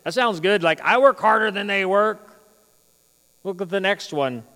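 A male pastor preaching a sermon, swinging between loud, emphatic runs and quiet, joking asides. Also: sits high, moderate pace. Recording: long reverb of a large hall.

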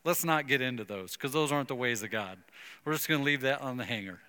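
A man preaching a sermon, retelling a Bible story with lively acted-out dialogue. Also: mid-range voice, quick pace, clean tone, big-room sound. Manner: animated storytelling, acting out biblical dialogue. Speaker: pastor.

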